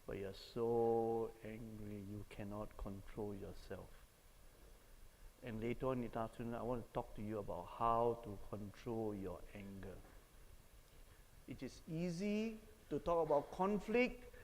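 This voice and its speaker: A man's voice: fairly low pitch, a little slow, a little mellow, long reverb tail, slight background noise, low-quality recording. A man with a Singaporean English accent, preaching a sermon and telling stories while asking the audience questions. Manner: storytelling, asks the audience questions.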